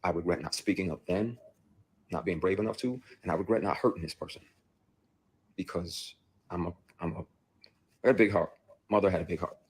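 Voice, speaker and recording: A man with a very low, husky voice tells a raw personal story. He talks bluntly and with feeling, and he swears freely. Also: brisk, long pauses. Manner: blunt, emotional storytelling with profanity. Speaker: actor. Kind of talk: played clip of a personal account.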